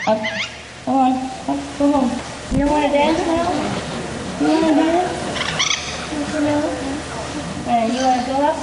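A woman's voice: a little high, animated, a little slow, poor audio. A woman coaxing a pet bird in a sing-song voice, then chatting casually with a visitor. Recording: loud crowd and background noise.

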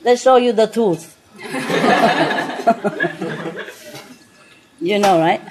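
Speaking very slowly at a medium pitch, a woman hosting guests at her restaurant table keeps things light with jokes and frequent laughter. Her English is non-native, peppered with French, and the room around her is noisy with clinking dishes.

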